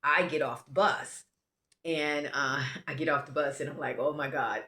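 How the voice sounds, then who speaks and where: A deep, steady voice with a bright, forceful tone belongs to an American travel vlogger speaking at normal speed. She rambles through a casual travel story, frequently interrupting herself and restarting, in a room with noticeable echo.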